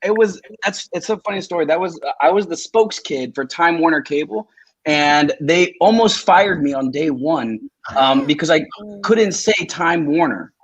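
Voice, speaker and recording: A young man, a guest on a video call, telling a funny story in a loose, energetic way. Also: fairly high pitch, moderate pace, slightly rough, highs cut off. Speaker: actor guest. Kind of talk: casual anecdote on a video call.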